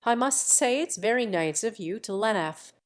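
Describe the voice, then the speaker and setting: A brusque, impulsive noblewoman and mother, read by a woman who scolds and commands abruptly. The audiobook delivery is slow and measured. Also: mid-range voice, animated, natural voice.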